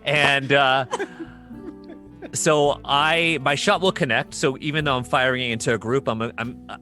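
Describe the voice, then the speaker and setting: A man playing a tabletop role-playing game, describing his character's moves with excited, quick asides and laughter. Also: mid-range voice, soft background music. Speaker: player. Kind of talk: narrating a tabletop game move.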